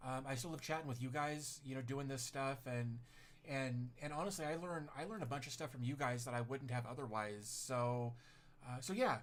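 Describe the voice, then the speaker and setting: A middle-aged man chatting casually on a tech livestream, reading out viewer comments. He rambles in a self-deprecating way, often restarting his sentences and filling the gaps with "um" and "uh." His voice sits at an ordinary, middle pitch for a man. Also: moderate pace, slight background noise. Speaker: tech YouTuber hosting a livestream.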